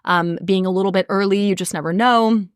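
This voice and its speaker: A woman's voice: mid-range voice, fairly even intonation, fairly quick, clear, resonant tone, no echo, clean studio sound. A woman in her thirties telling a personal story on a podcast, earnest and emotional, with many casual fillers. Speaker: podcast host.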